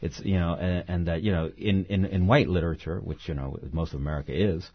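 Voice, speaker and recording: A man speaks expressively as a novelist guest, often restarting his phrases. His voice is low and husky, and his pitch swings widely. The recording sounds dull and dry. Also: brisk, no echo. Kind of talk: interview conversation.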